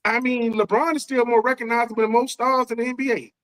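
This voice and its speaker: A man's voice: very high-pitched, level tone, fast, a bit bright, no echo, rough recording. A man with an Atlanta accent co-hosting a sports podcast, talking in a loose, conversational way and repeating his points. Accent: Atlanta, Southern US. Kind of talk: casual sports talk.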